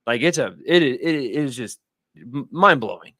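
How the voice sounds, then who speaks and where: A man in his thirties, a guest on a livestream video call, telling stories in an animated, rambling way. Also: mid-range voice, moderate pace, dry recording, studio quality. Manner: animated, rambling storytelling with acted-out quotes. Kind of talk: casual talk on a livestream.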